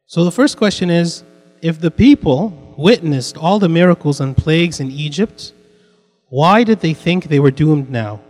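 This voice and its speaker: A man's voice: fairly high pitch, animated, normal speed, a little mellow, big-room sound. A man teaching an interactive Bible class, repeating his points and putting questions to the students. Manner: repetitive, asks the class questions.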